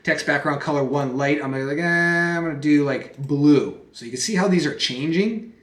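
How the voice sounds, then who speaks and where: A man giving a casual screen-recorded software tutorial, talking conversationally, restarting phrases and checking in with "okay?" and "right?". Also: on the high side, fairly quick. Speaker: presentation software instructor. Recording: echoey room sound.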